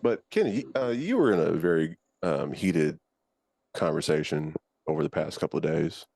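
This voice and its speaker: A man's voice: extremely low pitch, lively intonation, moderate pace, creaky, darkish tone, no echo. A man hosting a casual podcast, talking in a laid-back, rambling way.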